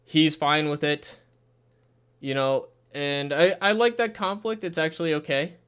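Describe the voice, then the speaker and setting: A man's voice: a little high, steady tone, a little slow, fairly bright tone, clean tone. Exasperated man ranting about a show. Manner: exasperated, swearing, laughing in disbelief. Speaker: show reviewer. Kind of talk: casual review commentary.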